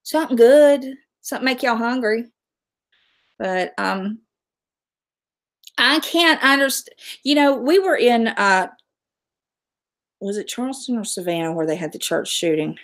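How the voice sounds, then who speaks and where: A woman's voice: fairly high pitch, animated, unhurried, pauses often. A middle-aged woman, hosting a casual livestream, chatting and answering viewer comments. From West Virginia, USA. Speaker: livestream host.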